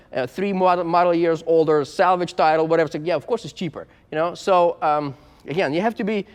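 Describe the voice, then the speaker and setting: A man's voice: a little high, big-room sound. A man who runs a used car business, talking frankly and bluntly to the camera in a casual vlog and repeating himself as he goes.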